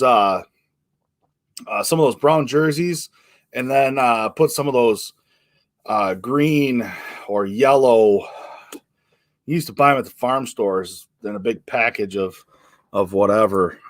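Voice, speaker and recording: A man's voice: fairly low pitch, no room sound, clean studio sound. A man hosting a casual livestream, greeting viewers by name and rambling with lots of ums and uhs. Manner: relaxed, rambling, many fillers and restarts. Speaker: livestream host. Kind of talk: casual live chat reading comments.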